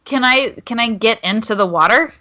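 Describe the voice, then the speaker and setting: A woman's voice: on the high side, animated, normal speed, sharp tone. A woman playing a tabletop game, chatty and hesitant, checking rules with lots of ums. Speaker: player. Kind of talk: casual tabletop play.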